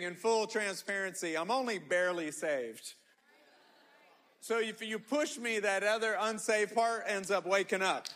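A man's voice: high-pitched, sharp tone, slight background noise. A middle-aged man preaching a sermon, emphatic and repetitive, often restarting his words. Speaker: pastor.

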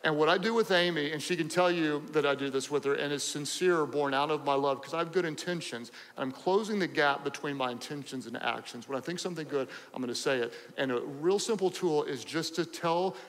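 A man preaching a sermon as pastor, animated and joking, repeating phrases for emphasis. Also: on the high side, fairly quick, few pauses, long reverb tail, poor audio.

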